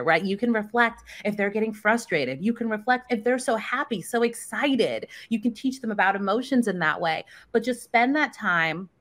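A woman's voice: medium pitch, a bit bright. A woman guest who works with young children, talking casually in an interview with plenty of fillers. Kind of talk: conversational interview.

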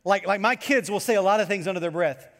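A man preaching a sermon to his congregation as pastor, animated and storytelling as he goes. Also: high voice, quick pace, big-room sound.

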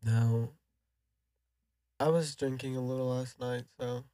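A man's voice: mid-range voice, steady tone, slow pace, warm tone, no echo, clean studio sound. A young man chatting casually on a podcast, rambling with lots of fillers. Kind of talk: casual chat.

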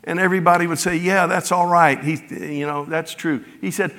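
A man's voice: on the high side, steady tone, fairly quick, few pauses, a bit bright. A man preaching a sermon in a conversational way, retelling scripture in his own everyday words. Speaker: pastor. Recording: long hall reverb.

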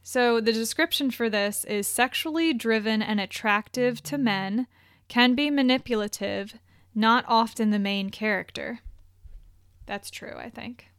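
A woman's voice: a little high, measured pace, a bit bright, clear, resonant tone, no room sound, studio quality. A woman co-hosting a casual podcast chat, reading out descriptions with wry asides and frequent laughs. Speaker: podcast co-host.

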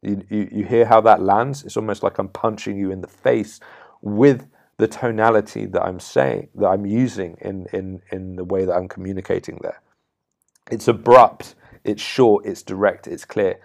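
A man giving firm, blunt coaching advice to camera, swearing freely and now and then demonstrating a low, clipped, intense tone. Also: fairly even intonation, normal speed, creaky, a little mellow. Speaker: confidence coach. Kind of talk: direct-to-camera advice talk.

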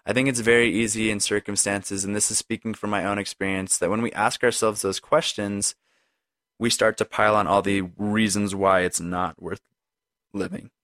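Talking straight to the listener, a male solo podcaster is earnest and reflective, often saying "right?" and "like." His lowish voice is fairly bright, with a level tone at a moderate pace. It's a dry, studio-quality recording.

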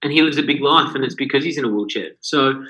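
A man in casual podcast chat, his voice very bright and forward. He rambles earnestly, padding his points with "um" and "you know." His pitch sits at an ordinary middle for a man. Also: fast, poor audio. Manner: rambling, earnest, heavy on fillers. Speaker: podcast co-host.

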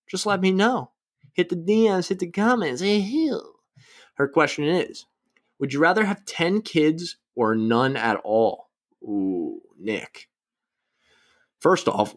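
Young male podcast host, casual and loose, swears freely, pokes fun at himself. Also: mid-range voice. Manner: rambling, profane, self-mocking. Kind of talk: casual solo podcast chat.

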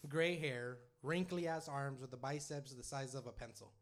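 A man's voice: mid-range voice, normal speed. A man co-hosting a podcast, telling a long story in casual, profane chat, laughing often and acting out the people in it. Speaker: podcast co-host.

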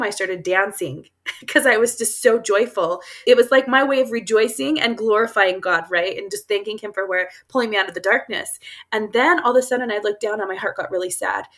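With a medium-pitched, fairly bright voice, a woman guest author on an interview show recounts personal stories in an earnest, casual manner, sprinkled with many fillers and laughs.

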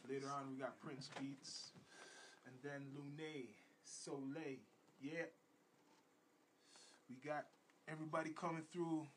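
Chill guy hosting a podcast, slangy, lots of shout-outs, fairly high voice. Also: little pitch movement, slow pace, long pauses, noisy background. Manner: repeats shout-outs and slogans; laid-back slang. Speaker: podcast host. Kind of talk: casual podcast chat.

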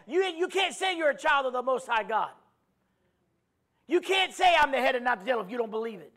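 A man preaching a sermon, leading the congregation in loud, emphatic call-and-response declarations and repeating his phrases. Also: very high voice, animated. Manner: emphatic, repeats phrases, stretches words slowly while shouting. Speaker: pastor.

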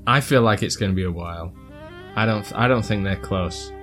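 A man's voice: lowish voice, a little fast, a bit bright, faint music behind. A man hosting a casual podcast, joking and rambling as he introduces his guest. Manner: playful, rambling, jokey. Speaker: podcast host.

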